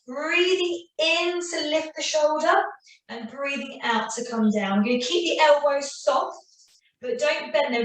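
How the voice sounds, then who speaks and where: Female fitness instructor, coaching and counting, heard from a distance in a reverberant studio. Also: high-pitched. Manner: encouraging, counts reps and cues breathing. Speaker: Pilates instructor. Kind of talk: guided exercise class instruction. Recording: very echoey room, voice from off-mic.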